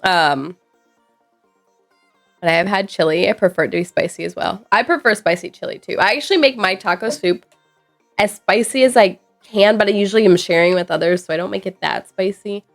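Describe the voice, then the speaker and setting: Chatty woman streamer with vocal fry. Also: mid-range voice, brisk, soft background music. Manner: rambling, chatty, reacts to chat messages with playful asides. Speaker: live streamer. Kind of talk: casual chat with viewers.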